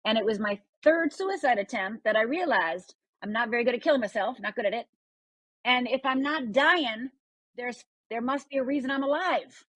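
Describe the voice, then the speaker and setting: A woman's voice: a little high, moderate pace, fairly bright tone, no room sound, rough recording. An older woman from Upper Michigan, a guest telling a personal story in an earnest, emphatic way. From Upper Michigan, United States.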